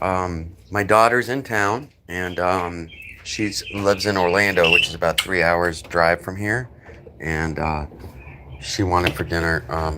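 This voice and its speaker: Middle-aged male streamer with a low, deep voice; loose rambling chat with faint room hiss behind. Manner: rambling, talkative, greets viewers by name. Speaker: livestream host. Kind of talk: casual livestream chat.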